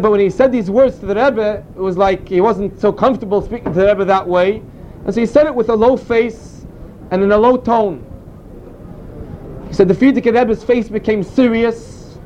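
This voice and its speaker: A man's voice: sits high, moderate pace, a little mellow, lo-fi sound, a little hiss or hum. A man giving an informal Torah class, explaining and telling stories in an earnest way. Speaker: Torah teacher.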